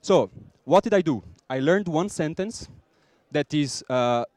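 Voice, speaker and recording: A man with a Brazilian accent giving a lively conference talk, acting out small scenes and joking with the audience. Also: fairly high pitch, unhurried, no echo. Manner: lively, acts out little scenes and jokes with the audience. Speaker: conference speaker.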